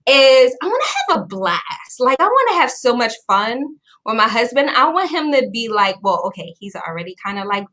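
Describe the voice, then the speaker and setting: A woman host chatting casually on a video call, bubbly and animated, laughing often as she tells stories. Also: fairly high pitch, normal speed, few pauses. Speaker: podcast host.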